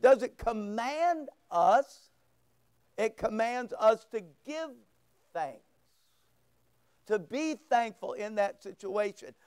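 Man, high voice, slow deliberate pace, fervent sermon delivery, clean dry sound. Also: animated, darkish tone, smooth, no echo. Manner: fervent, emphatic preaching with rising bursts. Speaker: pastor.

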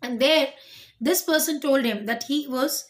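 High-voiced teacher explaining a story. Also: female voice, unhurried. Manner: reads passages aloud then explains in simple terms. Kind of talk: literature lesson explanation.

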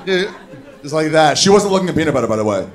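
A man doing a stand-up comedy set on a club stage, telling a story with animated, shouted put-on voices. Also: on the high side, fast talker, a little hiss or hum. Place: comedy club stage before a live audience. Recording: live club recording with crowd. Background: audience laughter.

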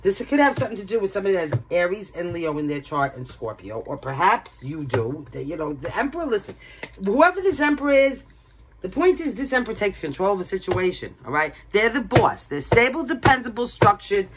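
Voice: mid-range voice, very animated, fast talker, noisy background. Blunt tarot reader. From Brooklyn, New York. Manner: blunt and emphatic, swears freely. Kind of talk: casual tarot card reading.

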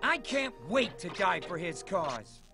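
A man's voice: high-pitched, very animated, takes it slowly, vocal fry, over music, full character voice. A man voicing a melodramatic foot soldier with an overwrought, theatrical delivery. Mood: devoted. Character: melodramatic male foot soldier, gloomy then zealous. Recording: game audio over soundtrack.

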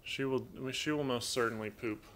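A man with a raspy voice hosting a casual live Q&A stream from home, in a loose, rambling way, reading chat messages aloud and talking to his pet birds. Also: mid-range voice, moderate pace, fairly bright tone, a little hiss or hum.

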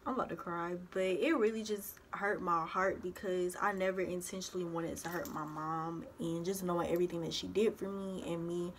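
A young woman vlogger, telling a personal story in a casual, animated way and acting out the voices of the people in it. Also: fairly low pitch, fairly quick, few pauses, slight background noise. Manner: animated retelling, acts out others' voices.

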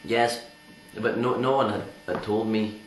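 An actor playing a self-important, deluded male stand-up comedian, boastful and halting with fillers, recorded in an echoey venue. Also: on the low side, fairly even intonation, a little hiss or hum, natural voice. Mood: pompous. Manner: pompous and boastful, hesitant with fillers. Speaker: interviewee in a sketch.

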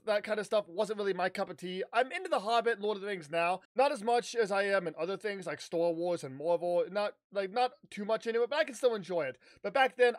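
A man with a high voice tells an animated, rambling story straight into the mic. he keeps restarting his sentences and drops the odd swear. the sound is close and dry, with no room around it. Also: no echo. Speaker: YouTuber. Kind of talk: casual storytelling vlog.

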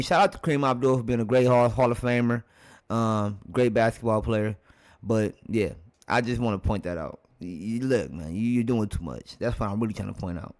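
Man, casual reaction commentary, laughs a lot, speaks to the viewers. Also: mid-range voice. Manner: laughs often, talks straight to viewers. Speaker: reaction video host.

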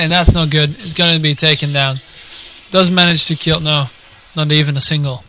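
A young man with a Dutch accent casting a video game live, drifting from quiet musing to shouted excitement. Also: on the high side, a little fast. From Netherlands. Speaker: game caster.

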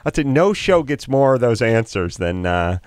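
A man's voice: mid-range voice, very animated, moderate pace, a little mellow, clear, resonant tone, no room sound, clean studio sound. A man co-hosting a call-in advice radio show, blunt and wisecracking, cutting in over others. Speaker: radio co-host.

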